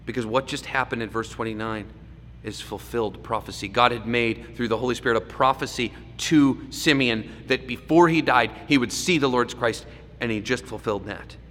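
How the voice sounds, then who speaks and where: A man preaching a sermon, swinging between loud emphasis and hushed asides. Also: mid-range voice, moderate pace, hardly any pauses. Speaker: pastor. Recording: echoey hall with faint background noise.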